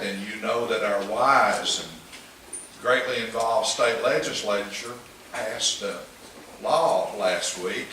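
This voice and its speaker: A man's voice: mid-range voice, pushed and bright. A man with an East Tennessee accent teaching a Sunday school class, folksy and joking, chuckling often. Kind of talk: casual church class talk. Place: church classroom. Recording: echoey room, mic far off, noisy.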